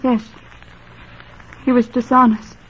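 An actress playing a shy young woman who minds a small-town gas station, talking gently and earnestly, in old-time radio acting on a dull old broadcast recording. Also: fairly high pitch, little pitch movement, takes it slowly, slight background noise. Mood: gentle.

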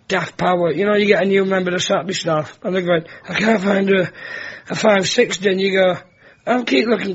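A man's voice: high voice, slightly rough. A young man telling comic family stories as a talk-show guest, acting out voices. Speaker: comedian guest. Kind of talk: anecdotal chat show banter. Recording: dull lo-fi broadcast with audience.

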